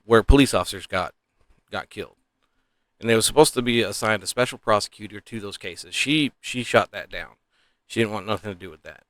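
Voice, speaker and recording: A man's voice: lowish voice, clear, resonant tone, no room sound. A man giving casual, opinionated political commentary, rambling and sighing often.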